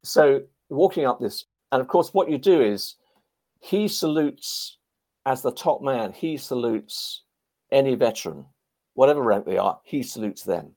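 A man telling lively anecdotes in a podcast interview, a former army clergyman. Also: mid-range voice, measured pace. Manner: animated, anecdotal.

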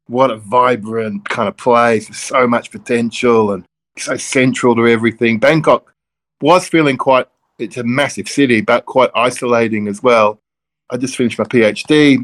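A middle-aged man from Melbourne, a minister, telling stories in a relaxed conversational way that wanders off on tangents with self-deprecating jokes. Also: mid-range voice, moderate pace. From Melbourne, Australia. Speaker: interview guest, Church of Christ minister.

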